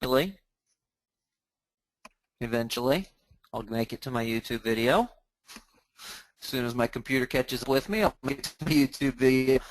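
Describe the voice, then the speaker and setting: A man hosting a live training, talking casually as he clicks through software on his screen and restarting words now and then. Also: mid-range voice, normal speed, pauses often, low-quality recording. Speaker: host of a mortgage training group.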